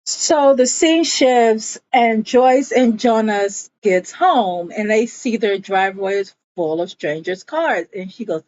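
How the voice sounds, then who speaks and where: A woman's voice: a little high, slow pace, hardly any pauses, darkish tone, highs cut off. A woman casually recapping a TV episode, telling the story in a chatty way and slipping into the characters' quoted lines as she goes.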